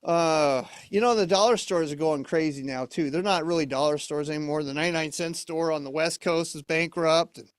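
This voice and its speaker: A man's voice: a little high, brisk, hardly any pauses, clear, resonant tone, no echo, studio quality. A middle-aged man performing a ventriloquist comedy act, playing the exasperated straight man to his puppet.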